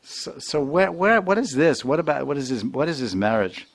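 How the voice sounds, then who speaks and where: A man's voice: medium pitch, sing-song, moderate pace, creaky, voice pushed up. A man putting on the voice of a loving mother who coaxes and fusses over her small son. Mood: incredulous. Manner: coaxing, doting.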